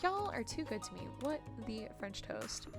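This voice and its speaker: A woman's voice: on the high side, big pitch swings, measured pace, music in the background. A woman streamer chatting bubbly with her viewers while she plays a game live. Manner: bubbly, chatty, reads chat messages aloud. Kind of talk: live-stream gameplay chat.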